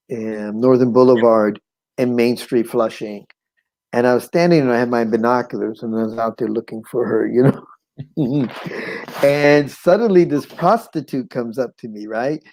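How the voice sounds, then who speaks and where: A man tells a personal story as a guest, in a middle-pitched voice. He is animated, acts out quotes and sounds, and chuckles now and then. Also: measured pace, low-quality recording.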